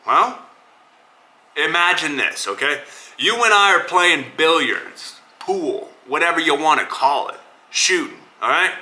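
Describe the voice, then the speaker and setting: A man's voice: on the high side, lively intonation, measured pace, pushed and bright, poor audio. A man hosting his own podcast, giving blunt, opinionated casual commentary and calling listeners brother. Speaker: podcast host. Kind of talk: casual solo commentary on fights.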